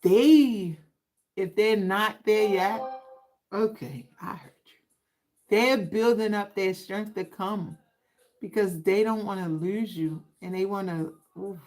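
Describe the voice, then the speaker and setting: A woman's voice: mid-range voice, slow pace, darkish tone, poor audio. A sassy, talkative woman in gives a tarot reading on a casual livestream. She speaks straight to the people watching, with an easy, conversational flow. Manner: chatty, sassy, talks straight to viewers. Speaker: tarot reader.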